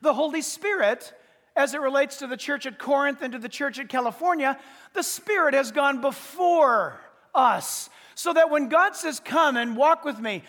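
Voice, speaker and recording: A male pastor preaching a sermon, emphatic, often pausing to say "listen" to press his points. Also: extremely high pitch, sharp tone. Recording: reverberant hall.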